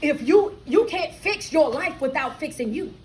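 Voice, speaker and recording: A woman giving a motivational talk in a preaching style to a live audience, acting out excuses in quick bursts. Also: high voice, expressive. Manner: call-and-response delivery, acts out excuses in quick bursts. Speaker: motivational speaker. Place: live event room with audience.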